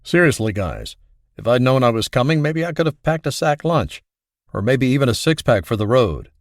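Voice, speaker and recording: A man's voice: medium pitch, sing-song, normal speed, no room sound, studio quality. A man voicing a cocky, sarcastic captive who jokes flippantly with his captors. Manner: joking, flippant.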